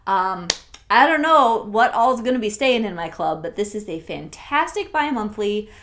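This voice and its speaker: A woman talking through a product haul in a casual vlog, gushing and chatty, sometimes dropping to a soft near-whisper. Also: medium pitch, lively intonation, normal speed. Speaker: scent consultant and channel host.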